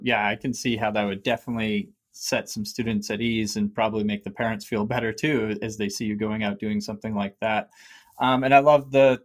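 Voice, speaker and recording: Low-voiced man hosting a panel. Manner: affirming, guides the talk to guests. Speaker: podcast host. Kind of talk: moderating a panel.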